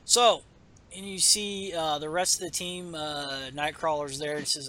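A man's voice: fairly high pitch, steady tone, measured pace, bright, forceful tone, a little hiss or hum. A man hosting a podcast, recapping a comic book in casual chat with rambling asides and many fillers. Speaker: podcast host.

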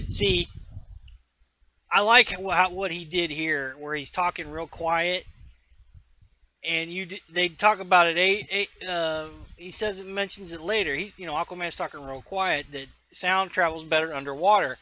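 A man casually retelling a comic story, stumbling over words now and then and acting out rough bar voices. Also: high voice, fairly even intonation, normal speed, bright, forceful tone, poor audio. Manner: acts out gruff bar voices, loses words, laughs. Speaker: podcast co-host retelling a comic.

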